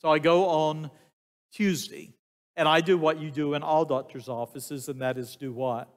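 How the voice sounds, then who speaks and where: Older male pastor preaching, a touch high-voiced, slow emphatic delivery, long church reverb. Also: steady tone. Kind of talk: sermon. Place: church sanctuary.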